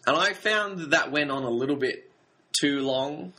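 A man's voice: a little high, expressive, moderate pace, bright, forceful tone, poor audio. A man co-hosting a film podcast, giving his opinions in a hesitant, thoughtful way with frequent fillers. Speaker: podcast co-host. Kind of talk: casual film review chat.

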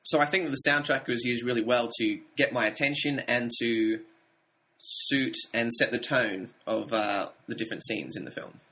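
Thoughtful bright-voiced man. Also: mid-range voice. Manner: thoughtful, measured, slightly hesitant. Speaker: film podcast co-host. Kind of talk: casual film review chat.

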